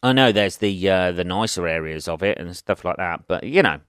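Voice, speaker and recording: A man's voice: sits low, expressive, moderate pace, a bit bright, clear, resonant tone, dry recording, clean studio sound. A man, chatting alone on his podcast, rambling, swearing and tagging on rhetorical questions. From England. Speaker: podcast host. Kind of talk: solo podcast monologue.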